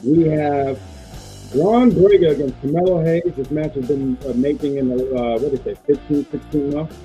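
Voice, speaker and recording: A man's voice: a little high, normal speed, dark tone, faint music behind, rough recording. A man hosting a casual wrestling prediction show, rambling and playful with lots of fillers. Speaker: podcast host.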